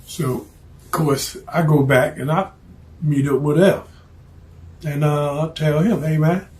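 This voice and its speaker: A man's voice: fairly high pitch, fairly even intonation, slow pace, darkish tone. A man spinning a boastful tall tale in casual slang, laid-back and cocky. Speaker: storyteller in character. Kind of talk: tall-tale comic storytelling.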